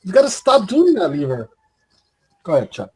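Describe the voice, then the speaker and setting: A male web show host who teases his rowdy guests and keeps calling for order. His voice is husky and high for a man. His pitch swings in a lively, animated way. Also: moderate pace, rough recording. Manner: tries to keep order, teasing. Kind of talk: casual chat hosting.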